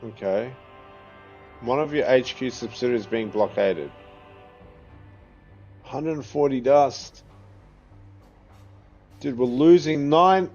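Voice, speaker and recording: With a mid-range, slightly mellow voice, an Australian gaming creator talks slowly and leaves long pauses in his casual gameplay commentary. He's chatty, laughs often and swears freely, with faint game music in slightly dull audio.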